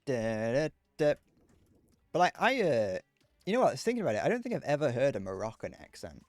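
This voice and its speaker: A man's voice: mid-range voice, wildly swooping pitch, a little fast, a little mellow, no echo, soft background music. A man chatting casually on a live stream while gaming, rambling, joking and answering chat messages.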